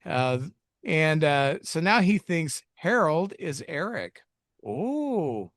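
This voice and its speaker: A man co-hosting a film review podcast takes his time with a plot recap, his higher-leaning, fairly bright voice moving in a sing-song way. It's casual, meandering and jokey, with self-mockery sprinkled in. Studio-quality audio, no echo.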